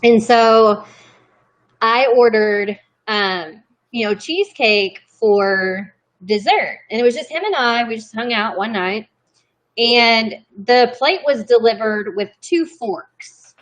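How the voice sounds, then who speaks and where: Young woman guest, slightly high voice, rambling casual storyteller who keeps interrupting herself. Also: slow pace. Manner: chatty, self-interrupting, apologetic.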